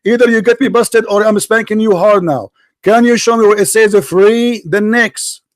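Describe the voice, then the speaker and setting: A man's voice: sits high, normal speed, no echo. A man hosting a heated debate, insulting and mocking his opponent over and over. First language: Arabic. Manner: mocking, insulting, repeats himself. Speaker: debate host.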